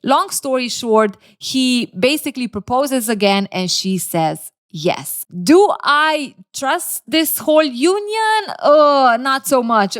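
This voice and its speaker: Woman host, casual recap vlog, blunt and candid, mid-pitched. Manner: blunt, opinionated, openly emotional. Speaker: reality show reviewer.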